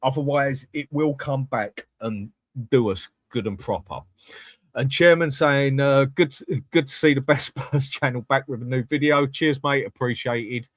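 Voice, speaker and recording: A man's voice: mid-range voice, steady tone, measured pace, dry recording. A man hosting a live fan channel, chatting bluntly with viewers and swearing freely. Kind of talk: live-stream chat reading comments.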